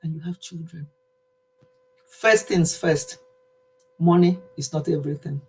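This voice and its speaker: A woman's voice: low voice, fairly even intonation, measured pace, darkish tone, a little hiss or hum. A middle-aged Nigerian woman chatting casually with her livestream viewers, laughing often as she tells stories. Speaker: livestream host.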